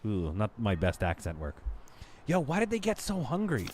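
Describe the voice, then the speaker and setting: A man streaming a city-building game, thinking out loud in a rambling, self-deprecating, casual way. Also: lowish voice, huge pitch swings, normal speed, slight background noise. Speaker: gaming streamer. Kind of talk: casual live game commentary.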